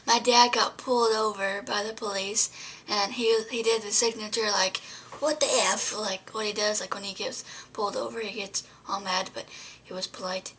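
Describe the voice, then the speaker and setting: A woman's voice: mid-range voice, little pitch movement, normal speed, fairly bright tone, slight background noise. A young adult woman vlogging, telling a story to camera in a rambling way, full of fillers and often dropping to a whisper.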